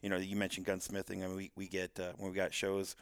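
A man answering as a company guest on a podcast, halting and full of restarts. His voice is very deep, gravelly, and flat in tone, and the sound is dry. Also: dry recording. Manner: halting, many restarts and fillers. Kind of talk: casual podcast interview.

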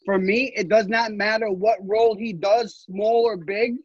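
A man co-hosting a podcast in casual, excitable chat, swearing often and laughing a lot. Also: sits high, moderate pace, husky, dry recording, highs cut off. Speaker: podcast co-host.

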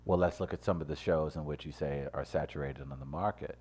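A man co-hosting a casual podcast chat, animated and quick when making his case, reading off lists. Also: rumbling low, husky. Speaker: podcast co-host.

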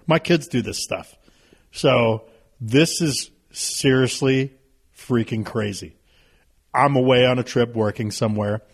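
A man's voice: mid-range voice, measured pace. Laid-back guy telling wild stories, cussing, cracking himself up. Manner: animated, swears freely, laughs while telling stories. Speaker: podcast guest. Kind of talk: casual storytelling.

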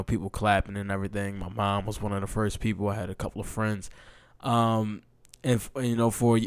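A young adult man hosting a casual football podcast, excitable and chatty, with loose talk full of fillers and restarts. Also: on the low side, smooth, dry recording. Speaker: podcast host.

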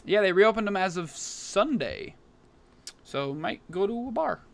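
A man co-hosting a casual podcast, swearing freely and telling animated stories. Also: high-pitched, unhurried, creaky. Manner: profane, animated storytelling. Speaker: podcast co-host. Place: Las Vegas.

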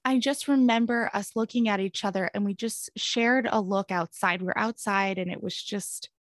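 A woman in her thirties, appearing as a podcast guest, tells a candid personal story at a normal pace in a medium-pitched voice. She's earnest and rambling, often slipping into nervous laughter. The sound is dry and studio-clean.

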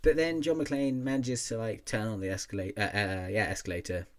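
A man's voice: lowish voice, fairly even intonation, fairly quick. A man co-hosting a casual movie podcast, joking, acting out lines and laughing often. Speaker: podcast co-host. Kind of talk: casual movie-review banter.

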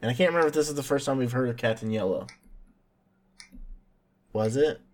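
A man's voice: mid-range voice, brisk, darkish tone. A man hosting a podcast, recapping an episode in a casual, jokey way and calling his cohosts by name. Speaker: podcast host.

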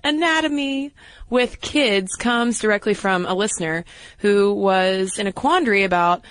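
Woman cohosting a podcast, animated chatty storytelling, dry close mic. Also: medium pitch, a little slow, clear, resonant tone, dry recording. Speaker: podcast co-host. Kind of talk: casual chat.

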